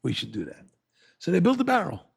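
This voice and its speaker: A rabbi tells a parable in a sermon, animatedly acting out each character. His voice is a little high, creaky, and slightly rough, and he speaks fairly quickly.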